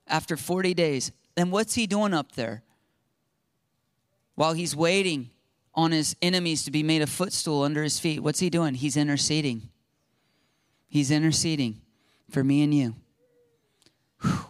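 A man preaching a sermon with passion, gasping for breath at high points and acting out quotes. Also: clear, resonant tone, dry recording, studio quality. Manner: impassioned preaching with gasps and acted-out quotes. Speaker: pastor.

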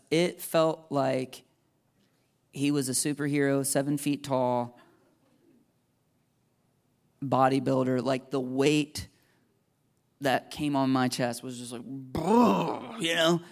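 A young adult man preaching, telling a personal story in an animated way and jumping into high, excited voices when he quotes his own thoughts. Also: takes it slowly, pauses often. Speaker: pastor. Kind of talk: sermon testimony.

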